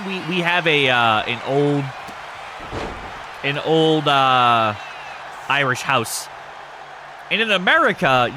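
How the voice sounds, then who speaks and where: Lively man commentating a wrestling game stream. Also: fairly high pitch, noisy background. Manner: animated, laughing, swearing, chatting with viewers. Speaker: stream host and match commentator. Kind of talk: casual live-stream commentary.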